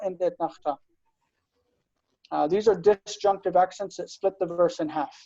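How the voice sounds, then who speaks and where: A man teaching Biblical Hebrew in an online class, explaining slowly and patiently and often checking that students follow. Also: high-pitched, warm tone, no echo, dull audio. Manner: slow, patient explaining with frequent checks for understanding.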